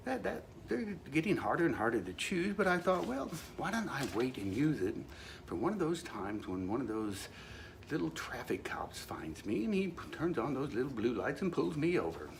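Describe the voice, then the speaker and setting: A man's voice: medium pitch, wildly swooping pitch, moderate pace, gravelly, slight background noise. A man hosting his own show, telling a comic monologue in a wry, mock-solemn way with playful asides. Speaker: show host.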